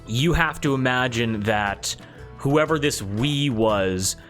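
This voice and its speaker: A man's voice: medium pitch, expressive, slow pace, fairly bright tone, soft background music. A man narrating as game master of a tabletop game, rambling with fillers. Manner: rambling, many fillers and restarts.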